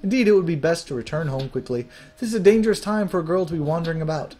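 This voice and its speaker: A man's voice: fairly high pitch, animated, racing, mellow, soft background music, voice pushed up, close to an everyday voice. A man voicing a prim, proper female fairy adviser from a game, speaking in a formal, lecturing way. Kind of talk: reading game dialogue aloud.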